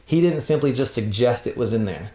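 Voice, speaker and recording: A man giving a lively conference talk on church leadership in a sermon-like style, acting out scripture quotes in changing voices. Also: mid-range voice, brisk. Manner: animated, acts out scripture voices.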